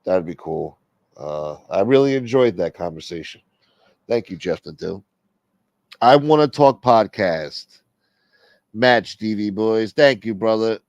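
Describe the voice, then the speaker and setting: A middle-aged man on a livestream complains and rambles with a lot of swearing, speaking a little slowly and pausing often. His low, darkish voice is animated, and the lo-fi stream audio is dull with no room sound.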